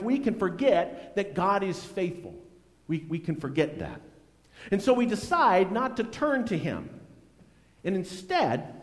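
A man preaching a sermon as a pastor, earnest and conversational, with strong swings between loud and soft. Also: high-pitched, long reverb tail.

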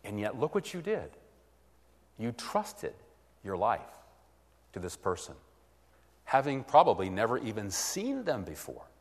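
Animated man preaching in a reverberant hall. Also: fairly low pitch, unhurried, long pauses. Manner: animated, acts out both sides of a conversation. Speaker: preacher teaching evangelism. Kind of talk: sermon teaching.

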